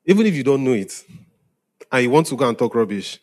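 Very animated and a little mellow, this mid-range male voice races along quickly. He's a pastor giving a conversational sermon to young people, frequently asking "are we together?" to make sure they're following.

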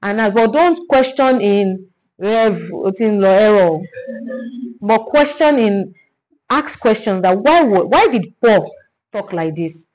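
A woman leading a Bible study, teaching in an animated way, repeating herself and asking rhetorical questions. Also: medium pitch, slow, poor audio.

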